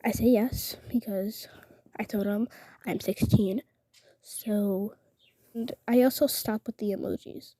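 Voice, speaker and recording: A woman's voice: medium pitch, steady tone, takes it slowly, mellow, dry recording. Indignant young woman, half-whispering. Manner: indignant, often drops to a whisper; rambling, many filler "like"s. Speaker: vlogger. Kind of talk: casual storytelling.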